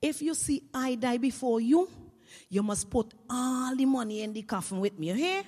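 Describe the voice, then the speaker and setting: A Vincentian woman voicing a sick, wealthy husband who softly pleads with his wife from his bed. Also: a little high, lively intonation, moderate pace, big-room sound. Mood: pleading. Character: rich ailing husband, doting.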